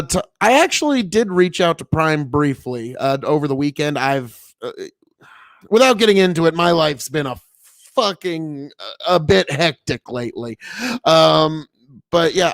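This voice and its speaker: A man's voice: on the high side, no echo, clean studio sound. A man from Nebraska, a farmer, talking casually and profanely on a livestream from inside an old family mill, rambling with many fillers. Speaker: farmer streaming commentary.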